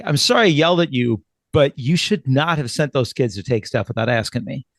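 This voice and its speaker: A man from Wisconsin with an Upper Midwest accent, co-hosting an advice podcast in a calm, instructive way and acting out sample phrases. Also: mid-range voice, no room sound, clean studio sound. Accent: Upper Midwest American. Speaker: podcast co-host.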